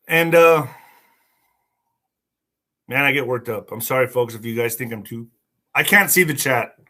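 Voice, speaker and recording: A man hosting a political livestream, talking in an excitable, mocking, rambling way with many asides. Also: mid-range voice, measured pace. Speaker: livestream host.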